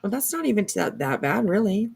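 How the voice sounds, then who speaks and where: A woman hosting a casual livestream, reading viewer comments aloud in a gushing, excitable way. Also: mid-range voice, a little fast, creaky, slightly rough. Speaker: livestream host.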